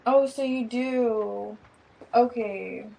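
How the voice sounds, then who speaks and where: A woman talks through a tarot spread in a loose, chatty way, naming cards as she turns them and musing out loud. Her voice has a gravelly fry, and her speech stays informal and slangy. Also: on the high side, steady tone, extremely slow, low-quality recording. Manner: rambling, thinking aloud while naming cards. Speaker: tarot reader. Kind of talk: casual tarot reading.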